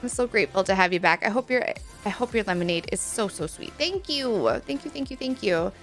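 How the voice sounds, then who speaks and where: A woman's voice: mid-range voice, lively intonation, a little fast, fairly bright tone, faint music behind. A young adult woman streaming live, chatting casually and bubbly, reading chat and using cutesy slang.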